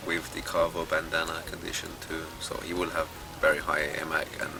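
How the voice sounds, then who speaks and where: A man giving methodical, analytical live commentary on a game match, pausing with fillers as he breaks down the builds. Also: extremely low pitch, completely flat delivery, vocal fry. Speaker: esports commentator. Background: background music.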